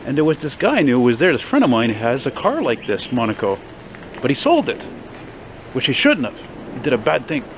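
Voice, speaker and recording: A man's voice: medium pitch, wildly swooping pitch, fairly quick, background noise. A man in his forties from Montreal talks about an old car to camera on a city street, rambling enthusiastically with lots of fillers. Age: 40s. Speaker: classic car vlogger. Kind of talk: casual rambling talk to camera.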